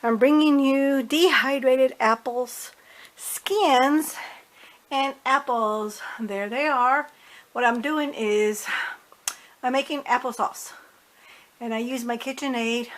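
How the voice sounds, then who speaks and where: A woman's voice: a little high, slow pace, a bit bright, rough recording. A woman chatting casually through a home cooking how-to, homey and loose, often correcting herself as she goes, recorded at home. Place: home kitchen and dining room.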